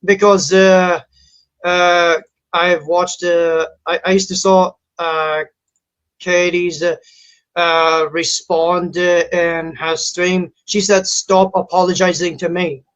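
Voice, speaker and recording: A man with a high voice answers slowly and haltingly. He repeats himself and fills gaps with "uh". The audio is dull and lo-fi, like a stream capture. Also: flat delivery, fairly bright tone, clear, resonant tone. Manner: halting, repetitive, full of fillers. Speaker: online panel guest. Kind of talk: livestream panel talk.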